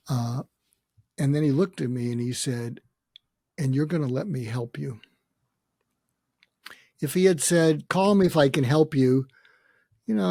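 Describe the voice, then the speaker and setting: Older man with a gravelly voice. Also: mid-range voice, dark tone, no echo, clean studio sound. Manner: reflective, with many hesitations and quoted dialogue. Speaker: podcast guest. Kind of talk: storytelling in a conversation.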